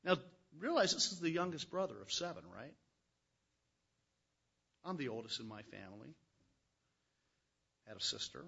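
A man preaching a conversational sermon, reading scripture with folksy, animated asides. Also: mid-range voice, normal speed, vocal fry, long pauses, husky, muffled recording. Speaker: pastor.

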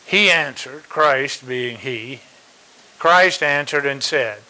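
Slow, deliberate man preaching a sermon. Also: medium pitch, pushed and bright, poor audio. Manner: slow and deliberate, with repeated emphasis and fillers.

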